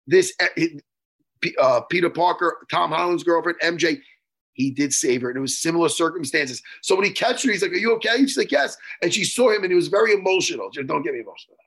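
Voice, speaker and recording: A raspy, high-pitched man rattles through a movie recap with big swings in his voice and a gravelly edge. He swears freely and keeps breaking into loud laughter as he talks. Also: fast talker. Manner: excitable, swearing, retelling movie scenes with bursts of loud laughing. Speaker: podcast co-host. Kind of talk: casual chat.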